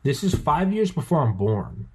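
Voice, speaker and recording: A man in his thirties hosting a casual podcast chat, talking excitedly and profanely, stumbling over repeated words as he rambles. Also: medium pitch, moderate pace, slightly rough.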